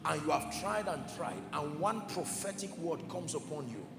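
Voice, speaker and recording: A fervent male preacher with a high, lively voice that carries a gravelly edge. His sermon rings through a large, echoing hall with long reverb, and music plays underneath. He talks emphatically, rising to shouts and then falling to hushed tones. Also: normal speed. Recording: echoey hall with music behind. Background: soft music.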